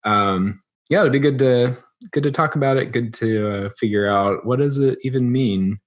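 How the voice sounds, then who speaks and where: A man co-hosting a podcast in casual chat, halting and thoughtful, with fillers. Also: mid-range voice. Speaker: podcast co-host.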